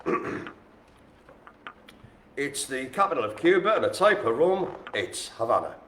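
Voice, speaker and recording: Jokey bingo caller in an echoey room. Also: male voice, mid-range voice, unhurried, a little hiss or hum. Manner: jokey, animated, chatty with the room. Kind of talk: live-streamed bingo calling. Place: indoor care home lounge.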